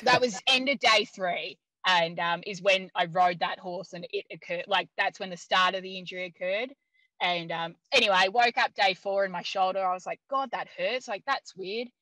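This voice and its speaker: A woman guest telling a story in casual conversation, lively, laughing often and using many "like" fillers. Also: mid-range voice, moderate pace, no echo, poor audio. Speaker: interview guest.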